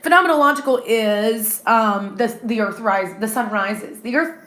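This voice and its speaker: Higher-voiced woman in an echoey room. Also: fairly bright tone, slight background noise. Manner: playful, self-described cheeky, reads scripture slowly. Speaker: devotional co-host. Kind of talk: casual devotional chat and scripture reading.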